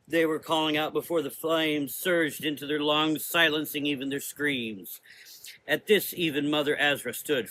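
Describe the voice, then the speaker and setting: Male narrator, mid pitch, bright timbre, steady gothic horror storytelling. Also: low-quality recording. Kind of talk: dramatic audio drama narration.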